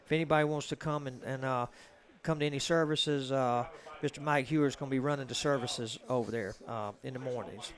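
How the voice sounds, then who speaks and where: A man's voice: medium pitch, fairly even intonation, brisk, hardly any pauses. A man with a Southern US accent from Georgia, chatting in a rambling, joking way as a commentator on a live pool stream. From Georgia, USA. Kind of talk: casual live-stream chat.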